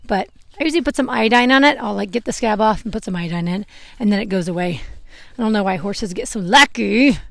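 A woman's voice: mid-range voice, animated, fast talker, vocal fry, no room sound, studio quality. A young adult woman chatting casually while grooming her horse, rambling a little and laughing at her own slips. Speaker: horse owner and vlogger. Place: outdoors with a horse. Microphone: clip-on microphone.

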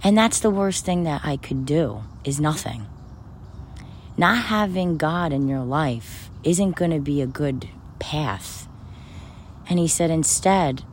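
A woman's voice: low-pitched, expressive, slow pace, slight background noise. A woman speaking about faith and forgiveness in an emphatic, personal, preaching manner. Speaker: spiritual speaker. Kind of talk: spiritual talk to camera.

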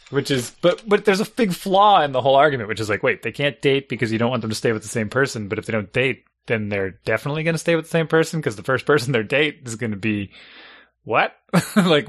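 A middle-aged man co-hosting a casual podcast, telling stories with animated energy and frequent laughter. He often restarts his sentences mid-thought, and his voice sits at an ordinary pitch for a man. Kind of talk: casual chat.

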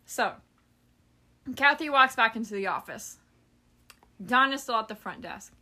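A woman's voice: a little high, measured pace. A woman podcast host casually telling a story, acting out the people she quotes and swearing offhandedly. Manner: animated, acts out quoted people.

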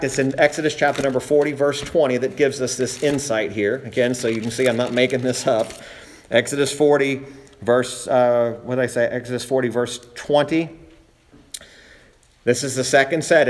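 A male pastor preaching a sermon, rising emphatically on key points and asking rhetorical questions, then slowing down to read scripture. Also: mid-range voice. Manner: reads scripture aloud in a slow, measured way.

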